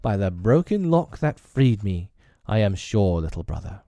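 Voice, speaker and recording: A man's voice: fairly low pitch, big pitch swings, normal speed, mellow, dry recording. A man voicing a wise, protective male panther who speaks solemnly and tenderly in a storybook reading. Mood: grave, tender.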